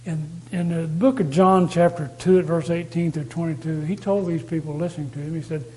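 A man's voice: fairly high pitch, steady tone, a little fast, dark tone, low-quality recording. A man preaching a sermon, emphatic, repeating key phrases to drive them home.

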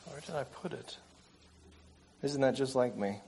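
A man preaching a gentle, earnest sermon, slowing down for emphasis and reading a story aloud. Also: mid-range voice, expressive, slight background noise.

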